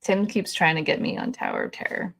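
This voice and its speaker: A woman's voice: lowish voice, sing-song, fairly quick, creaky, fairly bright tone. A woman hosting a casual livestream from home, chatty and giggly, often laughing as she talks. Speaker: livestream host.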